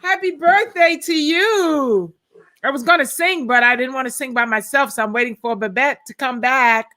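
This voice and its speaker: A woman's voice: a little high, a little fast, sharp tone. A tired woman co-hosting a live online talk show, chatting casually and rambling while she waits for her co-host. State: tired from exhaustion. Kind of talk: casual live-stream chat.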